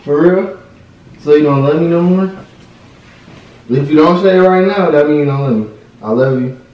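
A man's voice: on the high side, normal speed, distant mic, dull audio. Teasing young man in an echoey room. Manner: teasing, pleading, repeats himself a lot. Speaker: vlogger. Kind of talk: casual playful chat.

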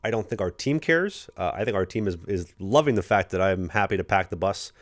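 With a low voice, lively intonation and a slightly fast pace, a Canadian pro hockey rookie tells stories while co-hosting a laid-back podcast. He wanders from anecdote to anecdote and acts out his teammates.

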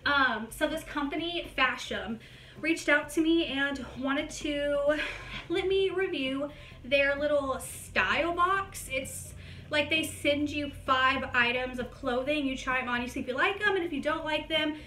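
A woman's voice: high voice, measured pace, bright, forceful tone, a little hiss or hum. A young woman chatting casually in a try-on haul vlog at home, slightly out of breath and poking fun at herself. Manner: chatty and self-mocking; talks standing up. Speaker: YouTuber. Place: at home, indoors. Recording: roomy echo.

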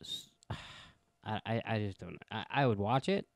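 A man's voice: on the low side, a little slow, gravelly, no room sound. A man co-hosting a casual podcast, blunt and sarcastic, swearing freely. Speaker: podcast co-host. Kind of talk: casual chat.

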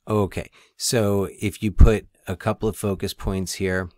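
A low-pitched male teacher walks students through a screen-recorded tutorial, thinking aloud as he clicks. His voice is deep and sits close to the mic in a dry, deadened space. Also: level tone, a little slow, a little mellow, dry recording.

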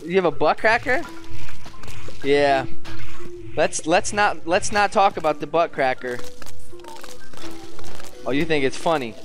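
A man's voice: a little high, lively intonation, unhurried, long pauses, fairly bright tone, faint music behind. A man hosting a casual gameplay video with his young son, talking in a playful, goofy, teasing way.

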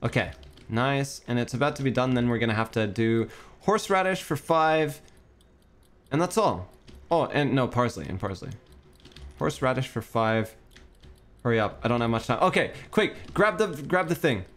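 A man's voice: medium pitch, moderate pace, long pauses. A young man streaming a cooking game, talking to himself in a frantic, swearing rush and breaking into panicky outbursts. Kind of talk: gameplay commentary.

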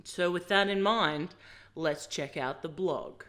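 A woman's voice: on the low side, slow, fairly bright tone. A woman hosts her own vlog and talks through a website on screen. She is eager and gushing, and she speaks straight to her viewers as if she were chatting with friends. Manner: enthusiastic, gushing, direct. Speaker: fashion blogger and host. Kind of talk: casual screen-share walkthrough.

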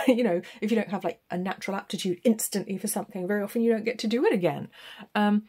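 A woman's voice: mid-range voice, fast talker, darkish tone, slightly rough. A middle-aged woman doing a tarot reading in a chatty, rambling way, with frequent laughs. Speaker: tarot reader. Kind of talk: casual spoken reading.

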